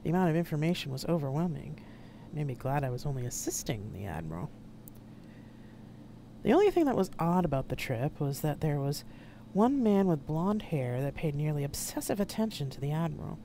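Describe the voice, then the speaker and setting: Expressive live audiobook narrator. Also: medium pitch, brisk, a little hiss or hum. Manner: expressive, dramatic reading. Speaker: author reading own novel. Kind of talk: first-person audiobook narration read live. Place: home streaming setup.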